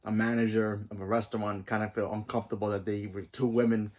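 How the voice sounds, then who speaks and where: A man hosting his own channel and giving a casual, rambling review of a TV episode. He fills his talk with "you know" and restarts, and his voice jumps up in pitch and volume when he stresses a point. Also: little pitch movement, quick pace, darkish tone. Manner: rambling, many fillers and restarts.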